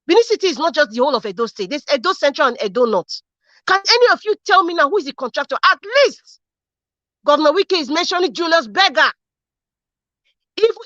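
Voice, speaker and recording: A woman's voice: sits high, a bit bright, no echo. A young Nigerian woman from Edo State hosting a political commentary vlog, angry and fiery, firing off rhetorical questions and repeating herself. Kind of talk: impassioned political rant. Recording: dull lo-fi sound.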